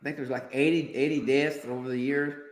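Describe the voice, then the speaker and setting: A man's voice: mid-range voice, little pitch movement, normal speed, roomy sound, rough recording. A man co-hosting a casual political talk show who chimes in with brief interjections. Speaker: co-host.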